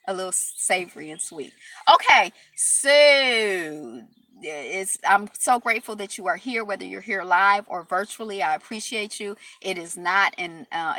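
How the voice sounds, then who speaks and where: A woman hosting a casual live stream, chatting in a rambling, upbeat way and closing with warm affirmations. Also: medium pitch, dry recording. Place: Detroit.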